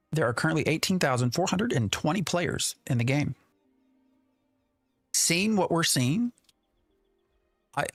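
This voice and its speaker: A man's voice: mid-range voice, dry recording, studio quality. A man streaming a game live, rambling in an exasperated way and talking to his chat. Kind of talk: live gameplay commentary.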